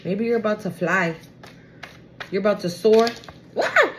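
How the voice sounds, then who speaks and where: A young woman reads tarot casually for her viewers, her mid-range voice moving at a moderate pace over background noise. She's emotional and slangy, full of exclamations, and often swings close to tears.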